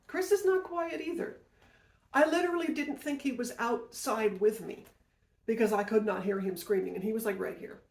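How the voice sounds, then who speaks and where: A woman's voice: fairly high pitch, moderate pace, gravelly, a little mellow. A woman podcast host telling a personal story in a casual, rambling way, often correcting herself and going off on asides. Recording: roomy echo.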